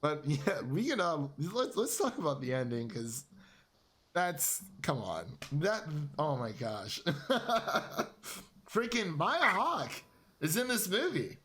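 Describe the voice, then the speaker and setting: A man's voice: a little high, very animated, takes it slowly, pushed and bright, breathy edge. A young man co-hosting a casual film review podcast, laughing often and animatedly retelling scenes. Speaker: podcast co-host.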